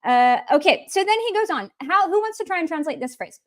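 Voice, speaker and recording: A woman's voice: very high voice, lively intonation, a little fast. An English-speaking woman teaching Russian in a casual livestream lesson. She keeps it humorous and lighthearted and moves between English and Russian.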